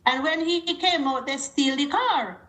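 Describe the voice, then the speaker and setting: A woman's voice: high voice, moderate pace. A woman caller on a call-in show, telling a story and acting out the other people's lines as she quotes them. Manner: animated, acts out quoted dialogue. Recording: roomy echo.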